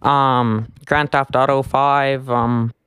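A man's voice: medium pitch, level tone, slow, fairly bright tone, clear, resonant tone, dry recording. A teenage boy guest in casual chat, hesitant with many ums.

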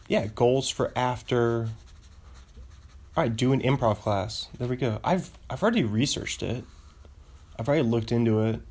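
Rambling, self-amused man with lively pitch. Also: husky. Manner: rambling, self-amused, laughs at own jokes. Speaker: podcast host. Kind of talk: casual solo chat.

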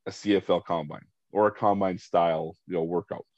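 A man's voice: sits low, fairly even intonation, brisk, hardly any pauses, a little mellow, dry recording. A man hosting an interview, chatting in an affable way while asking his guest questions. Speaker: podcast host. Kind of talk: conversational interview. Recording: dull, dry lo-fi audio.

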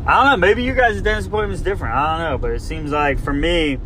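Brisk and animated, a man with a fairly high, somewhat bright voice riffs on his own podcast as he rides in a car. He rambles in exasperation, keeps saying "like," and restarts himself, over slight background noise.

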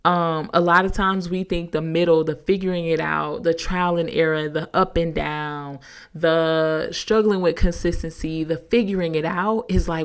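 A young woman hosting a podcast, telling a story in a chatty, animated way with casual slang. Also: low-pitched, normal speed, clear, resonant tone. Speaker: podcast host. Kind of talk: casual motivational talk.

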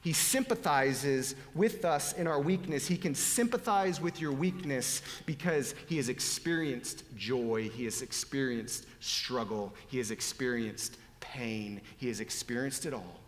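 A man preaching a sermon, dropping to hushed whispers and rising to loud, pleading appeals. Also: medium pitch, measured pace, hardly any pauses. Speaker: pastor. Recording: long hall reverb.

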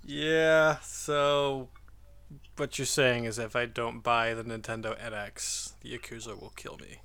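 Man, bright tense tone, medium pitch, easygoing, jokey, casual podcast co-host. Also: level tone, a little slow, clear, resonant tone. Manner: easygoing, laughs often, joking. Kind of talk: casual chat.

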